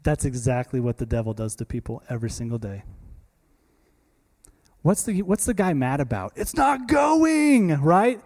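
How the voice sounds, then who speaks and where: A male pastor preaching a sermon in a conversational, animated way, acting out little scenes. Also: medium pitch, moderate pace, long pauses.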